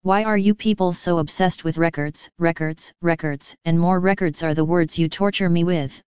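A man's voice: on the high side, steady tone, moderate pace, smooth, no room sound, lo-fi sound, close to an everyday voice. A woman voicing a bitter, defensive male former inmate who bursts out in anger. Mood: angry. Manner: angry, bursts out.

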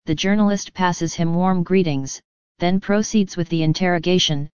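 Very smooth low-voiced woman narrator. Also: steady tone, normal speed, a little mellow, dry recording, muffled recording. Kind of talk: scripted story narration.

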